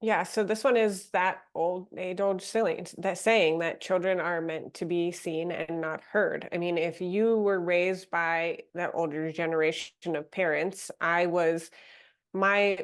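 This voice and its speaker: A woman speaking as a podcast guest, explaining her ideas in a relaxed, conversational way. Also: on the low side, unhurried. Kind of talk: casual conversational podcast chat.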